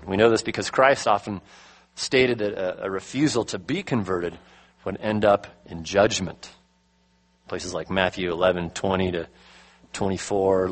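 Middle-aged male pastor, emphatic sermon delivery with slow stressed phrases. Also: on the low side, poor audio. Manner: emphatic, slows to stress key words.

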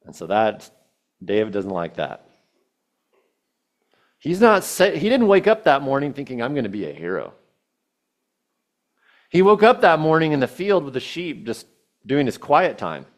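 A man's voice: a little high, big pitch swings, normal speed, pauses often. A man preaching a sermon, retelling a scripture story with casual asides and quoted verses.

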